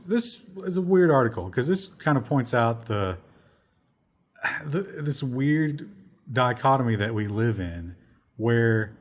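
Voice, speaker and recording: Sardonic man co-hosting a news chat. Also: mid-range voice. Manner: sardonic, mocks with quoted voices. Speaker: co-host. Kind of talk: casual news discussion.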